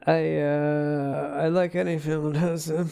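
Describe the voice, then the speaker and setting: A man's voice: a little high, level tone, a little slow, gravelly, noisy background. A man co-hosting a casual film podcast, giving offhand opinions and dry jokes. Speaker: podcast co-host. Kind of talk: casual film review chat.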